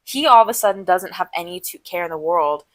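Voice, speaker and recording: A young woman in college, co-hosting a podcast, telling a long personal story in a rambling, animated way with quick asides. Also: fairly low pitch, dry recording. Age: young adult. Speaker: podcast co-host. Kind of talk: casual storytelling chat.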